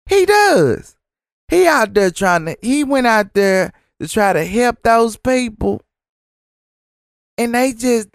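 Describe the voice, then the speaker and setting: A man voicing a starry-eyed middle-aged woman who works a fast-food counter, gushing in a breathless singsong. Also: very high-pitched, no room sound, clean studio sound, voice pushed up, heavily acted.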